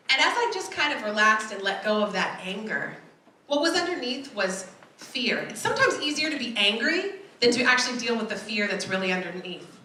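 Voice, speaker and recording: A woman giving a keynote talk, telling a personal story in an animated way and acting out the voices she quotes. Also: a little high, fairly quick, slight background noise. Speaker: keynote speaker. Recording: echoey hall from far off.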